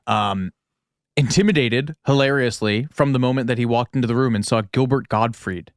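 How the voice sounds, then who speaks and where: Man, podcast co-host, casual and chatty, joking asides, mid-pitched voice, dry close sound. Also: normal speed, smooth, no room sound.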